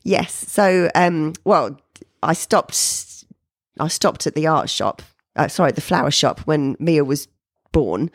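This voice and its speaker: A middle-aged woman, an artist telling stories of her career in a casual interview, animated and leaping up in pitch when she quotes people. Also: slow pace, no echo, studio quality. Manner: animated, jumps high when quoting people. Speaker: painter being interviewed.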